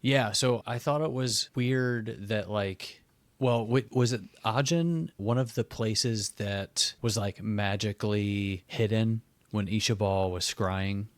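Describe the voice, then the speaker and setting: Hesitant low-voiced man questioning. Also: slow, no echo. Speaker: podcast co-host. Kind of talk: casual book club chat.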